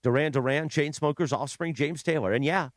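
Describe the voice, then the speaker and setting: A man's voice: fairly high pitch, fairly quick, dry recording, clean studio sound. A man hosting a morning sports radio show, joking in casual banter with his co-hosts and reading a live ad. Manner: lively, joking, reads live ads. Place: radio studio.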